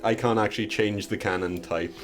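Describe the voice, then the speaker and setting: A man with a very low voice plays a tabletop game and talks through his character's actions. He explains things at length in an easygoing way. Faint music plays in the background. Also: steady tone, brisk. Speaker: player.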